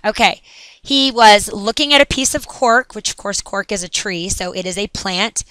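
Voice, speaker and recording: Bright, crisp woman teaching a lesson. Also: medium pitch, normal speed, no room sound. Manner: upbeat, chatty, with asides. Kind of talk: recorded classroom lesson.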